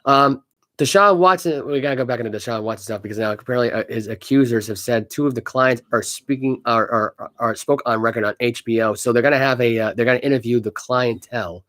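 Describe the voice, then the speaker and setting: Brief: male podcast co-host, mid-pitch voice, animated sports rants, stumbles over read-aloud news. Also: quick pace. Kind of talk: casual sports talk.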